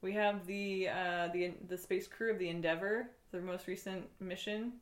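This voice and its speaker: A woman improvising comedy, talking fast and flustered with many restarts. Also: mid-range voice, fairly even intonation, echoey room.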